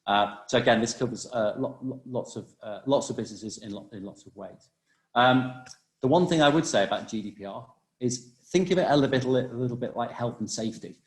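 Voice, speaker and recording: A man presenting a webinar over a video call, talking quickly with many restarts and fillers. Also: medium pitch, echoey room. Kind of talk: live webinar talk on cybersecurity.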